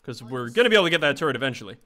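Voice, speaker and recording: A man giving chatty live commentary on his own gameplay, excitable and quick to swear at teammates. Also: mid-range voice. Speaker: gaming streamer.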